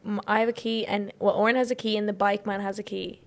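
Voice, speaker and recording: A woman's voice: medium pitch, little pitch movement, quick pace. A young woman co-hosting a casual podcast, chiming in eagerly and teasing her friend. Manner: chatty, eager interjections and teasing. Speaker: podcast co-host. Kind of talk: casual chat.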